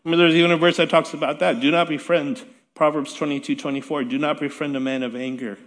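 A man's voice: on the high side, little pitch movement, quick pace, fairly bright tone. Conversational pastor, man in a reverberant hall. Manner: conversational, self-deprecating humor with light laughs. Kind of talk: sermon.

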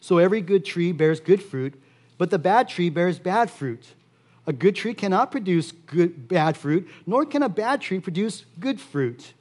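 A man preaching a sermon as pastor, earnest and steady, repeating key phrases for emphasis. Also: high-pitched, measured pace.

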